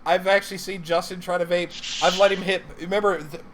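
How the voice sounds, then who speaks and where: A man co-hosting a casual live-stream talk show, swearing freely and laughing loudly. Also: high-pitched, level tone, a little fast, a loud crowd. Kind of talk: casual profane banter. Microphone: live-stream microphone.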